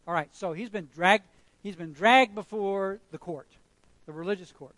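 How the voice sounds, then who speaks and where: Emphatic male pastor, higher voice. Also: normal speed, a bit bright, dry recording, low-quality recording. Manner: emphatic, storytelling, repeating phrases for effect. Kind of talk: sermon.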